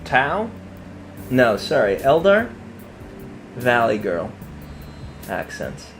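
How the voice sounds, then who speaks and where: A man's voice: medium pitch, big pitch swings, very slow, fairly bright tone, faint music behind. A man casually chatting on a live stream as he paints miniatures, joking and rambling as he thinks aloud.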